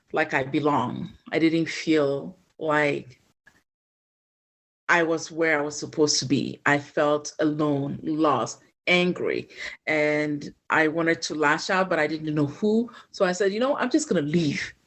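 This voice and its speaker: A woman's voice: sits low, slow pace. Woman telling a personal story. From Ghana. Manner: animated, emotional retelling. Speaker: guest.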